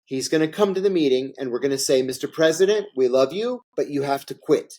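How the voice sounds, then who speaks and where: A man's voice: on the high side, animated, brisk, mellow. A man being interviewed, telling stories in a candid, emphatic way and repeating phrases for effect. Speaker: interview guest, former intelligence officer. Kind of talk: candid conversational storytelling.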